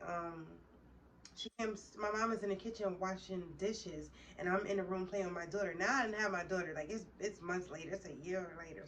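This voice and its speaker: A woman's voice: mid-range voice, fairly bright tone, slight background noise. Heated woman telling a story, distant mic. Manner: heated, profane, addressing viewers directly. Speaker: storytime vlogger. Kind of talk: casual storytelling to camera.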